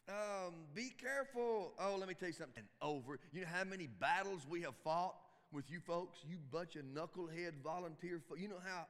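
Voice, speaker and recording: A man's voice: fairly high pitch, expressive, brisk, hardly any pauses, fairly bright tone. A man preaching to church volunteers in a folksy, emphatic way, often repeating his phrases. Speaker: pastor. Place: church sanctuary. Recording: long reverb of a church hall.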